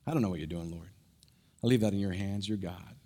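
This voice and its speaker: A male pastor preaching a sermon, telling a story with animated energy, then dropping soft and low to press a point, with quick stumbles and restarts.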